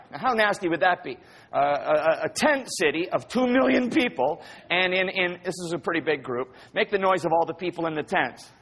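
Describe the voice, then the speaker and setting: A male pastor delivers a lively sermon, jumping into the voices of the people in the story. His voice sits high and has a husky edge, and he preaches in a church. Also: a little fast. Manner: animated, acts out voices of the people and God.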